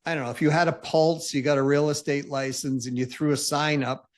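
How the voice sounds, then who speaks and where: A man's voice: fairly high pitch, fairly even intonation, a little fast. Emphatic man, guest on an interview. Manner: emphatic, full of "like" and "you know". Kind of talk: casual podcast interview.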